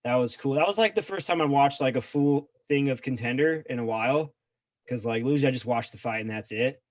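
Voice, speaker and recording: A man's voice: medium pitch, a little fast, dry recording. A man co-hosting a casual podcast, telling stories in a rambling way with many filler words. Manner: rambling, filler-heavy storytelling. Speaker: podcast co-host. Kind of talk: casual chat.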